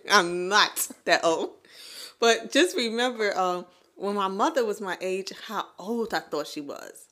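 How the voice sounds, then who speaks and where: A woman in her late thirties co-hosting a podcast, chatting casually, laughing often and telling stories with animated energy. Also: medium pitch, takes it slowly. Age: 30s. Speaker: podcast co-host. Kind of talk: casual chat. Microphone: USB condenser microphone.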